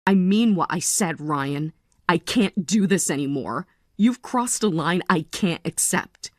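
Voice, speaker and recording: A woman in her forties playing a tired but resolute mother in a text-story drama, speaking in a calm, measured way. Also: on the low side, no echo, clean studio sound. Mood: calm resolve. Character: weary, resolute mother leaving her family.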